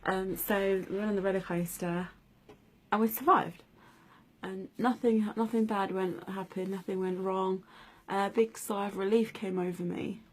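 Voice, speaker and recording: Soft, hesitant woman in her twenties. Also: mid-range voice, steady tone, unhurried. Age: 20s. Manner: hesitant, many ums, soft-spoken. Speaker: vlogger. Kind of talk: personal story vlog.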